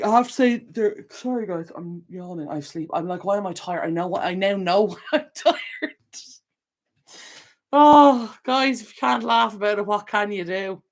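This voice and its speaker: Chatty, laughing livestream host. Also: medium pitch. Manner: chatty and rambling, frequent laughter and self-corrections. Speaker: channel host. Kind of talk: casual livestream chat, reading viewer comments.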